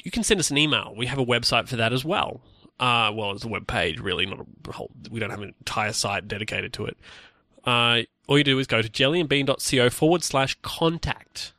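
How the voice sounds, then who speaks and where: A man's voice: mid-range voice, fairly quick, sharp tone, dry recording, clean studio sound. A man co-hosting a casual podcast, rambling with restarts and fillers. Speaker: podcast co-host.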